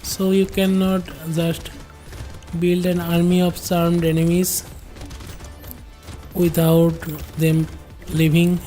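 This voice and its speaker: A woman's voice: on the low side, completely flat delivery, takes it slowly, long pauses, warm tone, soft background music. A woman commenting on her game during a livestream, musing aloud and rambling in asides to her chat. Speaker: game streamer.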